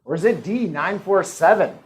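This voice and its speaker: A man's voice: high voice, animated, rough recording. A man hosting a live-streamed trivia game in a casual, joking manner. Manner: upbeat, joking asides and quick laughs. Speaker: trivia host.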